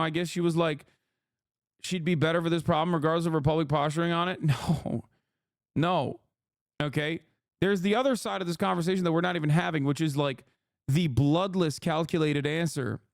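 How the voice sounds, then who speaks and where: A man's voice: on the high side, dry recording, clean studio sound. A political streamer, a man, delivering heated, profane live-stream commentary.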